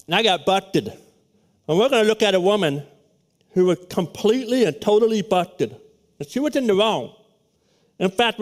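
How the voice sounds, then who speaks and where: High-voiced loud preacher man. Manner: animated storytelling with many restarts. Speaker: pastor. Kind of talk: sermon with personal story.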